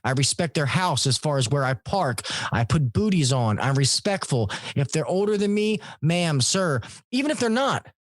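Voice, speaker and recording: Personable higher-voiced man. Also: big pitch swings, dry recording, clean studio sound. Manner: friendly, personable, quick talking. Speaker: HVAC salesman guest. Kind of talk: casual podcast conversation.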